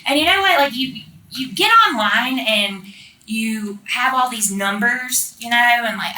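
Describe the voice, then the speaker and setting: A woman's voice: a little high, expressive, normal speed, bright, forceful tone. A woman being interviewed, telling a rambling story in casual chat, full of swearing and fillers like "like" and "you know". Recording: roomy echo, mic at a distance.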